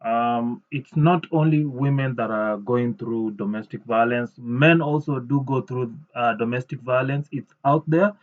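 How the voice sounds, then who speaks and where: Indignant male commentator, halting and filler-heavy, mid pitch, muffled lo-fi sound. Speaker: reaction commentator. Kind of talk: ranting reaction commentary. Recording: dull lo-fi recording.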